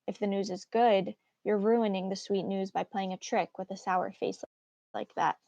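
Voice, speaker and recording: A woman's voice: medium pitch, fairly even intonation, moderate pace, warm tone, no room sound, lightly acted. Eager impatient teenage girl, pleading, insistent, read-aloud play voice, a woman reading, dry sound.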